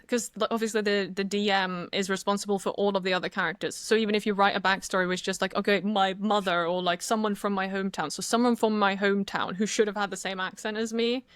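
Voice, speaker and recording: A woman guest talks in a loose, meandering way, often breaking into laughter. Her pitch sits in a middle range. The room sound is dry and close. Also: steady tone, quick pace, hardly any pauses, a bit bright, clean tone, no echo. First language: not English. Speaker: podcast guest, dungeon master. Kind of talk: casual chat.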